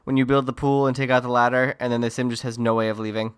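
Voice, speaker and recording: A man's voice: mid-range voice, flat delivery, quick pace, a little hiss or hum. A man co-hosting a podcast in casual chat, musing in a rambling way full of fillers. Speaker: podcast co-host.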